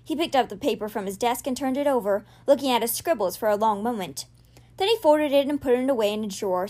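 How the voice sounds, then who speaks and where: A woman hosting a podcast, reading a children's novel aloud with expressive storytelling. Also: a little high. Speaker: podcast reader.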